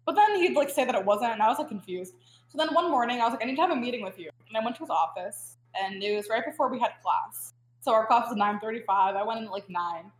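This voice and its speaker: Young woman, chatty storyteller, slightly high voice, roomy echo. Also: expressive, quick pace, a little hiss or hum. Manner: chatty storytelling with frequent fillers. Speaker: guest. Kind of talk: casual chat.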